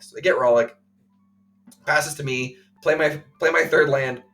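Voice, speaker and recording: A man co-hosting a podcast, recounting a game play by play in casual chat, full of fillers and quick acted quotes. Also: on the high side, fairly bright tone, soft background music. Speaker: podcast co-host.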